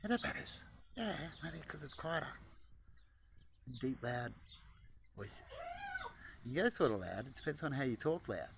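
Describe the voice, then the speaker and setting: A man chatting casually outdoors by a bird-feeding spot, rambling and breaking into high, excited baby talk to the birds. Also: unhurried, gravelly, long pauses, slight background noise. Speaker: vlogger. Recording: outdoor audio with birdsong behind. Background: birds chirping.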